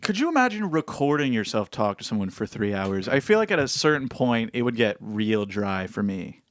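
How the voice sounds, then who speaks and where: Giggly young man with a lively voice. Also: mid-range voice, normal speed, no room sound. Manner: giggly, trails off, self-mocking. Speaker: podcast co-host. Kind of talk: casual chat.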